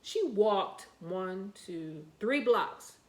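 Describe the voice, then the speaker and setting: A woman telling a story in a casual way, animated, with many fillers and restarts. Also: medium pitch, drawn-out words. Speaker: channel host telling a story. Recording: echoey room.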